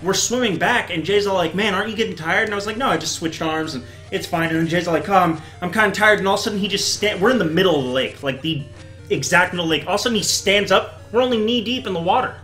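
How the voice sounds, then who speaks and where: A young man hosting a casual chat, telling his stories with lively energy and plenty of swearing. His voice is bright and a little high. It sits in an echoey room with faint music underneath. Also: quick pace. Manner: animated storyteller, swears freely. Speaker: host.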